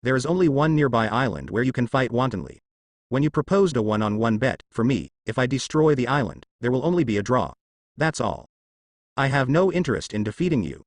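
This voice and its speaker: Male tts voice doing a calm cold young swordsman, dry sound. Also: mid-range voice, fairly quick, dry recording.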